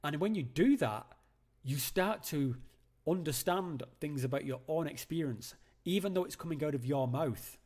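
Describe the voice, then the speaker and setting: Speaking at a moderate pace in an animated, slightly mellow voice on the high side, a man hosts a live call-in stream from home. He chats casually, rambling with lots of fillers and restarts.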